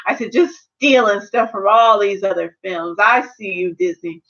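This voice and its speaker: A woman's voice: mid-range voice, normal speed, a bit bright, muffled recording. A woman vlogger giving a casual, sassy spoiler review of a film, retelling the plot in a slangy, playful way.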